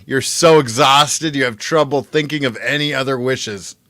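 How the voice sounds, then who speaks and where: A man co-hosting a podcast, reading a gamebook aloud in an animated way and laughing easily with the others. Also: medium pitch, normal speed, no room sound, clean studio sound.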